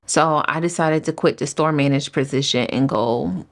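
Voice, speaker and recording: A woman, a salon owner, giving an earnest personal faith testimony in an interview, telling her story in an animated way. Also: low voice, normal speed.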